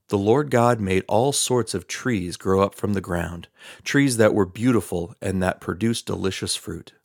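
A man reading scripture aloud in a steady, measured way, lightly voicing the quoted speech. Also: fairly low pitch, vocal fry, no echo, clean studio sound. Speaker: Bible reader.

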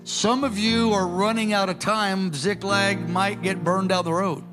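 A man preaching a sermon with passion, moving between loud urgings and soft, hushed prayer. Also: sits high, little pitch movement, unhurried, music in the background.

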